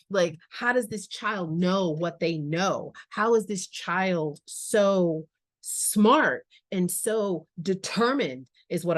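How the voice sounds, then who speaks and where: Woman, tarot reader, casual musing to viewers, low-ish voice, unhurried. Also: dry recording. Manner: chatty, musing aloud, slangy asides to viewers. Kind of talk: casual tarot reading to camera.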